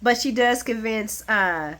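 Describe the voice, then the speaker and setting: A woman giving a casual, animated recap of a soap opera, chatty and blunt, laughing often and swearing freely. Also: on the high side, slow pace.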